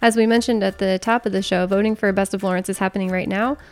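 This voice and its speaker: A woman's voice: mid-range voice, steady tone, fast, darkish tone, clear, resonant tone. A woman co-hosting a local food podcast, thanking a guest and reading the sign-off. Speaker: podcast co-host. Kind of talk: podcast interview and outro.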